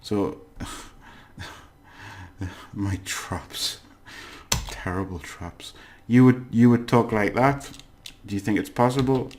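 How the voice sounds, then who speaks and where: A man walks through a language lesson in a relaxed, chatty way. His voice sits low and he takes his time, often stopping to fix his own slips with a laugh. It sounds like a casual home-made class. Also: takes it slowly, slight background noise. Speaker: language teacher.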